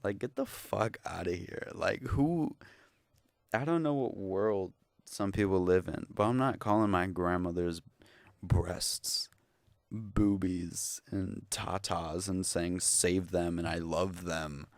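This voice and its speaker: A man's voice: low voice, measured pace, no echo, clean studio sound. A young man ranting into the camera, exasperated, sarcastic and profane in a casual vlog. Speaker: vlogger.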